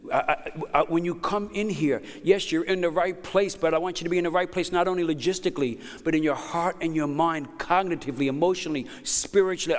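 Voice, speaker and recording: A middle-aged man preaching a sermon as pastor, emphatic and repeating words as he builds up. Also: fairly high pitch. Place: church hall. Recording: long hall reverb.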